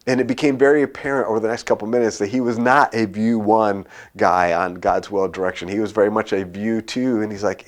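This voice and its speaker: A man preaches from the pulpit, with a voice that sits on the low side. He tells a personal story with animation and acts out both sides of a conversation. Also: a little fast, few pauses. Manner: animated storytelling, acts out his own panic and a dialogue. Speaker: pastor.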